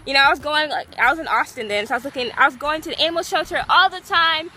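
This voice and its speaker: Young woman, high bouncy voice, bright tone, chatty and rambling, casual vlog. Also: quick pace, slight background noise. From Gulf Coast of Texas. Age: young adult. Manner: chatty and rambling, heavy use of "like"; excitable, bursts into loud squeals. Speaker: vlogger.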